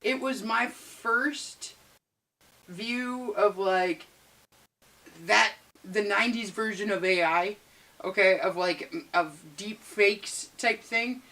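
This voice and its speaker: A woman's voice: medium pitch, slow, bright, forceful tone. A young adult woman co-hosting a casual chat, rambling with many fillers. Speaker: co-host.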